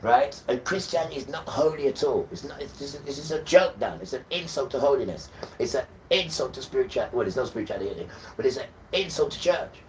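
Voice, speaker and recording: A man holds forth on his livestream in a preachy, emphatic way, breaking into chuckles between points. His voice sits at an ordinary pitch and reaches the mic from a little way off, with a faint noise underneath. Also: animated, fast talker, few pauses, far from the mic, low-quality recording. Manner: emphatic, lecturing, chuckling asides. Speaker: livestream host.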